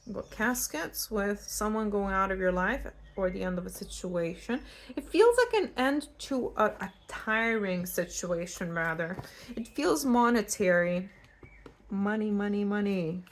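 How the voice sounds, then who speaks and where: A young woman from Eastern Europe giving a casual pick-a-card tarot reading, chatty and animated and prone to tangents. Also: medium pitch, a little slow, slight background noise. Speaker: tarot reader.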